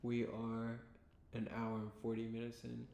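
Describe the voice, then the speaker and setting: A man's voice: completely flat delivery, unhurried, gravelly, dark tone. A man vlogging, casually telling a rambling story to his own camera mic, with lots of fillers. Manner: rambling, laid-back, full of fillers. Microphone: self-recorded camera mic. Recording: echoey room with faint rumble.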